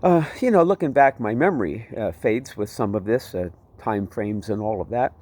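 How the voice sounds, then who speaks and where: Man telling a lively testimony. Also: lowish voice, normal speed. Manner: vivid, dramatic, with restarts. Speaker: storyteller giving his testimony. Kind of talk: personal testimony storytelling.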